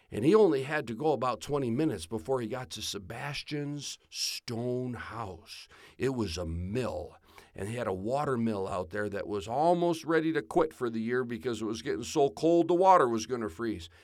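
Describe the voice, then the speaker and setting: A man telling a children's story aloud in a folksy, drawn-out way. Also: medium pitch, lively intonation, no echo, studio quality.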